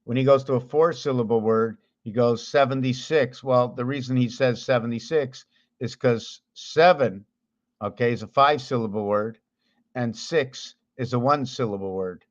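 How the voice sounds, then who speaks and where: A man's voice: mid-range voice, normal speed, lo-fi sound. A man explaining number patterns in a rambling way, thinking aloud, counting and correcting himself as he goes. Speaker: video host.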